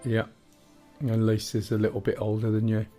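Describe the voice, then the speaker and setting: A chatty man in his sixties runs a live game stream, his voice sitting a little low. He rambles and drops jokey asides as he plays. Faint music hums underneath. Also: monotone, moderate pace, mellow. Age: 60s. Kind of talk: casual gameplay chat.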